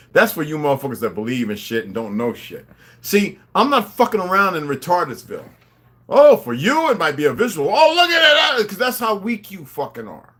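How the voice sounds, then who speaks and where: Animated man on a profane rant. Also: medium pitch. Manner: confrontational and lecturing. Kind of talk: profane ranting monologue.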